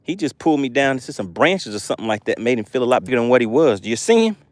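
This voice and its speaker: Guy streaming from his bass boat, bouncy up-and-down voice, dry close sound. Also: racing, no room sound. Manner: excitable, reads chat aloud, exclaims. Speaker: fishing livestream host. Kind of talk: live fishing stream chat. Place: on a boat outdoors.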